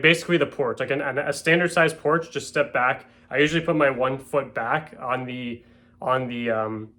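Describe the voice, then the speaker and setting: A man's voice: mid-range voice, sharp tone. Chatty man coaching door-knock sales. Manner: chatty, checks in with "okay?" and "right?", acts out door-step scripts. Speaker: real estate agent and sales coach. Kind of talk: casual spoken sales lesson. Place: at home.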